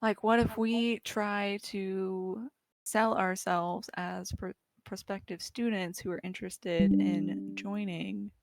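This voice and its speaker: A woman's voice: mid-range voice, fairly even intonation, slow pace, vocal fry. A woman playing a tabletop game, talking casually in character, giggling and hedging with "like" and "you know".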